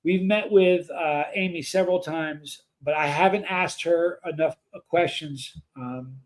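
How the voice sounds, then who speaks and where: A man hosts a livestream and speaks earnestly and emotionally to his chat. He rambles and restarts his sentences often. His voice sits a little high for a man. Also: measured pace. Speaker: livestream host.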